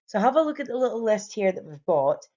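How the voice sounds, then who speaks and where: Bright, encouraging Scottish woman teacher. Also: mid-range voice, big pitch swings, fast talker, highs cut off. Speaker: primary school teacher. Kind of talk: recorded home-learning lesson.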